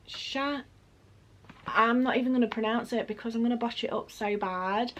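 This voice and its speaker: A woman, gushing excitedly as she unboxes makeup in a casual vlog. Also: mid-range voice, a little hiss or hum. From United Kingdom. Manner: gushing and excitable, with gasps and exclamations. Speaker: beauty vlogger.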